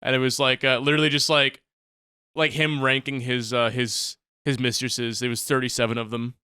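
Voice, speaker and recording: A man's voice: medium pitch, flat delivery, normal speed, sharp tone, smooth, no echo, clean studio sound. A man chatting casually on a podcast, blunt and offhand. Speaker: podcast co-host. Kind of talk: casual chat.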